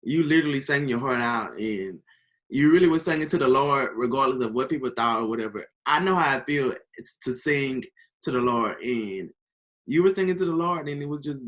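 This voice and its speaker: A man interviewing a guest in a gentle, soft-spoken and supportive way. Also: mid-range voice, lively intonation, fairly quick, low-quality recording. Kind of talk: casual interview.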